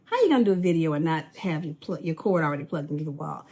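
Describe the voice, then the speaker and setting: A woman's voice: low-pitched, quick pace, darkish tone, breathy edge. A woman in her fifties, a speech-language pathologist, chatting casually to camera and laughing often as she talks to her viewers. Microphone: phone or device camera.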